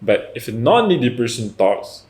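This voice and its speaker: A man's voice: mid-range voice, sing-song, normal speed, darkish tone. A man hosting a self-help video, giving earnest direct-to-camera advice and often checking in with "right?" and "you know". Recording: echoey room.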